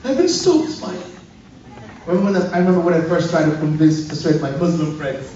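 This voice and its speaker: A middle-aged man from Africa, a guest preacher telling a story in a lively sermon and acting out the dialogue. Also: fast, slight background noise. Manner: animated, acting out dialogue with swooping pitch. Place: church. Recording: echoey church hall, distant dull mic.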